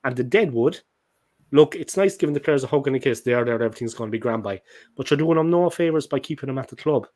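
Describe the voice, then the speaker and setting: A man's voice: mid-range voice, fast talker, a little mellow. A man with an Irish accent on a football podcast, talking in a joking, rambling way about his club's transfer plans. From Ireland. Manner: jokey, rambling, chatty. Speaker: guest. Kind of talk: casual football podcast chat.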